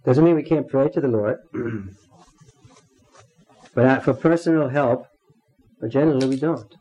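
A man teaching a devotional class in a halting way, pausing often and clearing his throat. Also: mid-range voice, mellow, low-quality recording. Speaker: spiritual teacher.

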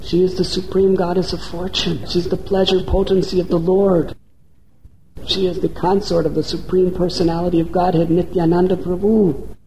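A man voicing a wrathful, screaming goddess who shrieks threats in a high, strained voice. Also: flat delivery, moderate pace, a little mellow, slight background noise. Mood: stern. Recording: roomy echo.

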